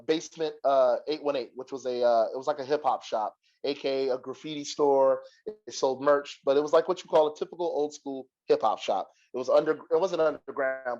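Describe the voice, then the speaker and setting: Guy ranting through an old beef story on a podcast, swears a lot, voice a bit high, kinda muffled lo-fi sound. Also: a little mellow. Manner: profane, heated retelling with quoted dialogue.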